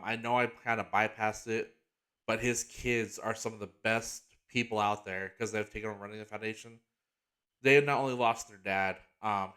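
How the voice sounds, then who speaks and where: A man's voice: fairly low pitch, fairly bright tone, clear, resonant tone. A man hosting his own podcast in a casual solo chat, rambling and enthusiastic, with lots of "like" fillers and restarts. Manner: gets emotional and earnest about a heartfelt topic. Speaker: podcast host.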